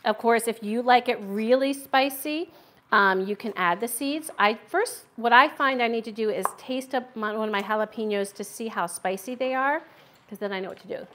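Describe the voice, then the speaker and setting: A woman's voice: a little high, moderate pace, fairly bright tone, a little hiss or hum. Chatty American woman cooking on a livestream. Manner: chatty, answers viewer comments while cooking. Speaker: cooking channel host. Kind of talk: casual cooking livestream chat. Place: home kitchen.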